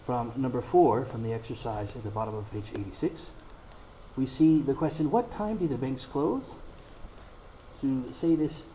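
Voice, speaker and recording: A man with a mellow, warm voice teaching an English grammar lesson. He explains slowly and deliberately and reads out example sentences. A faint hiss sits under the recording. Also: mid-range voice, poor audio.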